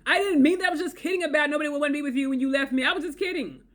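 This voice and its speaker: Brief: woman putting on a smug gaslighting man, sarcastic and whiny, pitched up high. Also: racing, a bit bright. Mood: dismissive. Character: mocking, gaslighting manipulative man.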